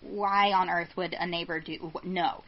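A woman's voice: lowish voice, steady tone, normal speed, voice pushed down, lightly acted. Woman playing a panicked, indignant wife. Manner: panicked, disbelieving. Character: frightened, indignant young wife. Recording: dull lo-fi sound.

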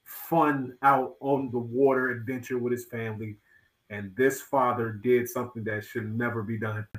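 A man's voice: mid-range voice, little pitch movement, normal speed. A man co-hosting a podcast, talking emphatically and animatedly in casual chat. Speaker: podcast co-host. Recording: echoey room.

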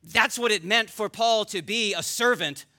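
A man's voice: sits high, moderate pace, pushed and bright. A man preaching a sermon as pastor, earnest and rising to emphatic peaks, at times addressing the children directly.

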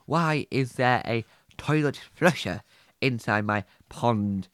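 Man, homemade comedy narration, earnest, slightly halting, middle pitch, dry recording. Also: a bit bright, no echo.

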